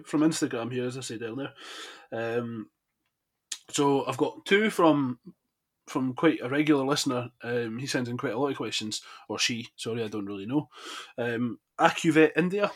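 A man's voice: medium pitch, moderate pace, fairly bright tone. A man hosting a podcast, asking questions in an easygoing, casual chat. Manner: easygoing questioner, laughs often. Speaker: podcast host.

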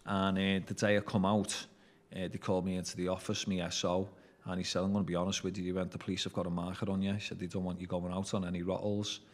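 Scouse man, very low voice, casual swearing storyteller who acts out dialogue. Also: little pitch movement, fast talker. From Merseyside, England. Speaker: interview guest, former prisoner.

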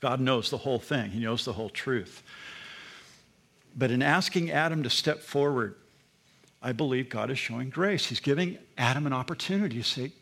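A man's voice: medium pitch, moderate pace, a bit bright. A middle-aged man, a pastor, preaching a sermon in an earnest, emphatic way that often rises into bursts.

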